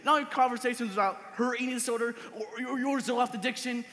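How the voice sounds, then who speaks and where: A teenage actor on a school stage playing a wistful, rueful musical-theatre fan who confides in the audience. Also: male voice, extremely high pitch, steady tone, fast, pushed and bright. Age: teens. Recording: reverberant theatre hall.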